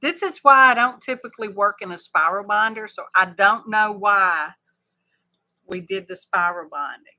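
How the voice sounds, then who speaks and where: A woman's voice: medium pitch, moderate pace, pushed and bright. A woman hosting a craft livestream, chatting casually and thinking aloud with folksy asides.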